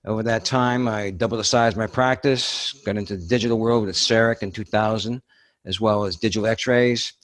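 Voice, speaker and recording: A man's voice: on the low side, steady tone, brisk. An older man with a Boston accent, a dentist telling his story as a podcast guest. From Boston area, USA. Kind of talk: podcast interview.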